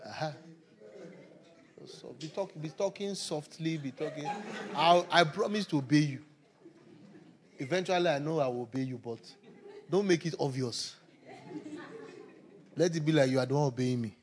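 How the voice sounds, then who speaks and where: A man preaching a sermon, animated and repetitive, often breaking into laughter. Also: on the high side. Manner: animated, laughing, repeats phrases.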